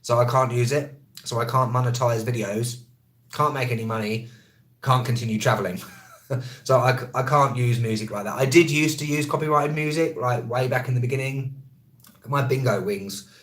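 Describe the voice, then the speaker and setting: A man, a travel vlogger who also teaches English, chatting casually on a live stream and answering viewer comments, quick and chatty, often correcting himself mid-sentence. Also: mid-range voice, fairly bright tone.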